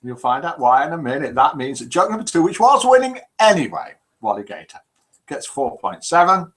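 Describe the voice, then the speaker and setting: A man over fifty hosts a live call-in show, his pitch swinging up and down as he jokes along. He reads out viewers' messages in a voice sitting a little high for a man. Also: big pitch swings, brisk, fairly bright tone. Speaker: host.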